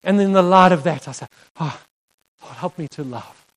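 Male pastor, fairly high voice, conversational sermon delivery with frequent laughs. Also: normal speed. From South Africa. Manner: earnest, conversational, laughs often, voice rises when stressing a point. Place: church hall.

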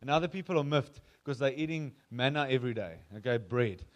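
A man's voice: medium pitch, expressive, fairly quick. A man with a South African accent preaching a sermon as pastor, telling the story conversationally and acting out quoted voices.

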